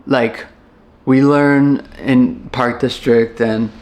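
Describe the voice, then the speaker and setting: A young man from Chicago talks through a personal memory, pausing and restarting as he goes. His voice sits at an ordinary middle pitch, and his delivery is earnest and unpolished. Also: fairly even intonation, a little mellow. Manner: halting and reflective, many restarts and fillers. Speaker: former firefighter. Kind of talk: personal storytelling.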